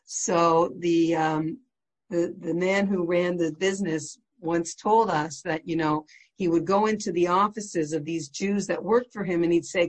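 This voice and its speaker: Woman teaching a relaxed prayer lesson. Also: on the low side, a little slow. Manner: explains patiently, mixes in Hebrew and Yiddish terms. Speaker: Torah teacher.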